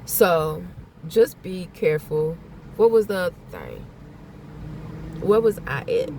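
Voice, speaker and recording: Woman, lower register, casual blunt spiritual vlogger who repeats her warnings and swears, traffic noise loud behind her. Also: very animated, takes it slowly. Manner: blunt, repetitive, swears freely. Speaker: spiritual vlogger giving a channeled message.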